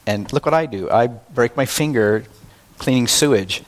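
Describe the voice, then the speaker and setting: Male pastor, mid-pitched, conversational sermon delivery, slows down for emphasis. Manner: conversational and self-deprecating, with emphatic slowed phrases.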